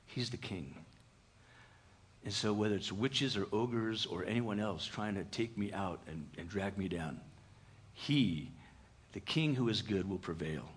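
A pastor delivering a conversational sermon in church, animated and full of "uh" fillers. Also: male voice, on the low side, husky.

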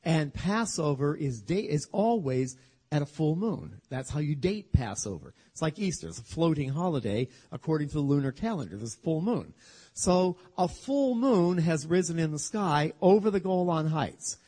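Male preacher, husky, animated and humorous, tells scripture as a vivid story. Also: a little high, moderate pace. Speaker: Bible teacher. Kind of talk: storytelling sermon.

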